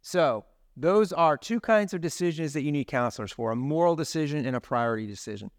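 Male pastor, fairly high, smooth clear voice, dry close sound, chatty sermon delivery. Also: expressive, fairly quick, no echo. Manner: conversational, with tag questions and asides.

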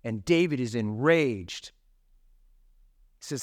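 A man's voice: medium pitch, lively intonation, normal speed, no echo, studio quality. A man preaching a sermon as a pastor in a conversational way, tossing in tag questions and casual asides.

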